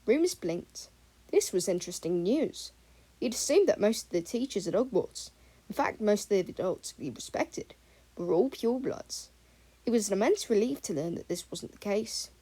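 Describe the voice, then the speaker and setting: Gravelly-voiced woman reading an audiobook. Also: medium pitch, expressive, normal speed, dark tone. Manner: reads dialogue with small shifts between characters. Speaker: audiobook narrator. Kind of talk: fan fiction audiobook reading.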